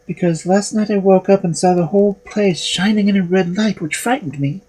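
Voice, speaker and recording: A man's voice: high-pitched, moderate pace, warm tone, husky, voice pushed up, poor audio. A man voicing a frightened but clever young maiden in a storybook reading. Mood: coaxing.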